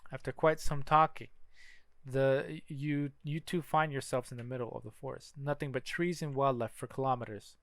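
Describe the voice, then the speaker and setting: A man's voice: medium pitch, steady tone, moderate pace, a bit bright, dry recording. A man reading a narrative game aloud during a playthrough, with casual asides. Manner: casual asides between lines.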